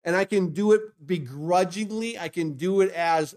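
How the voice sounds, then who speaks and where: A man preaches to his congregation, answering his own rhetorical questions and repeating key phrases. His fairly high voice drops to near hushed lines, then climbs into loud, emphatic bursts. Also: moderate pace. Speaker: pastor. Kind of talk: sermon.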